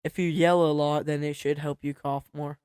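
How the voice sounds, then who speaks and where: A young man co-hosting a podcast in a laid-back way, tossing in short replies and dry jokes. His voice is a little high and smooth, with a flat delivery, recorded dry and close. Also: moderate pace, dry recording. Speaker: podcast co-host. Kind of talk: casual chat.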